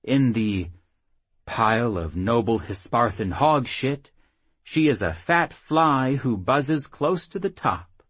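A man voicing a haughty, cruel male captain in an audiobook, gloating and contemptuous, with a husky voice. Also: medium pitch, lively intonation, a bit bright, no room sound, voice pushed up, heavily acted. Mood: smug. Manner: gloating, contemptuous, drawn-out sneers.

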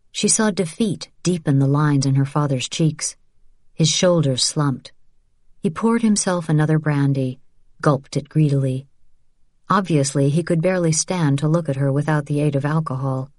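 A woman reading a novel aloud as narrator in a measured, even way. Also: deep voice, no echo, clean studio sound. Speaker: audiobook narrator. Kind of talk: scripted narration.

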